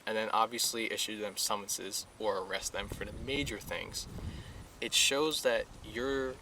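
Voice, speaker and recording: A man's voice: lowish voice, fairly even intonation, measured pace, background noise. A young man, a police recruit, talking earnestly in a casual podcast interview, full of fillers and repeated phrases.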